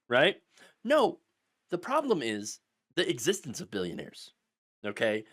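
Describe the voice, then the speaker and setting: Animated sarcastic man hosting commentary. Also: high-pitched, normal speed. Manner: animated and sarcastic, with constant "okay?" tags and mocking mimicry. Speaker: political commentary host. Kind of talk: political commentary vlog.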